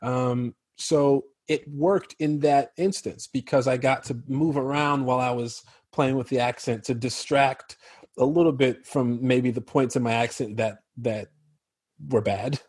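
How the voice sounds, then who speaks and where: Husky-voiced American man telling stories. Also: mid-range voice, unhurried, dry recording. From Chicago, United States. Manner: animated storyteller, laughs often. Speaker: actor guest. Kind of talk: casual interview chat.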